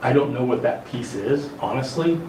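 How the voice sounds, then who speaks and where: A man calmly explaining on a reality show, measured and hesitant with frequent restarts. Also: mid-range voice. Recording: roomy distant clip with noisy background.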